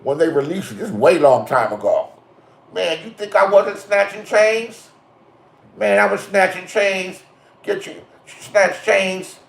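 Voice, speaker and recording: A man's voice: sits high, a little slow, creaky. A middle-aged man from California giving a crude, confrontational rant full of swearing and street stories. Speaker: vlogger. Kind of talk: profane ranting monologue. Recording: roomy echo.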